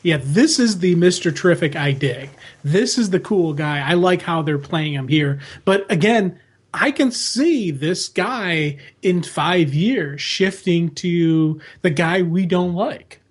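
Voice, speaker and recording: A podcast co-host chats casually, rambling with many restarts and fillers. His voice is on the high side, slow-paced, and has a breathy edge.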